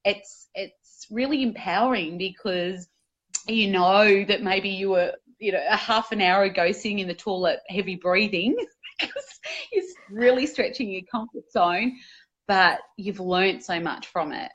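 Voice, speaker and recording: Candid, energetic woman guest. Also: mid-range voice, a little slow, dull audio. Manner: energetic, candid, casual swearing, acts out inner voices. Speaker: interview guest, speaking coach. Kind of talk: conversational interview.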